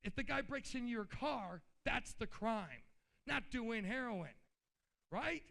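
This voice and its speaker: A man's voice: extremely high pitch, expressive, takes it slowly, gravelly, pushed and bright. A man giving an informal, blunt political speech at a convention, riled up and colloquial. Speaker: convention speaker. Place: convention hall.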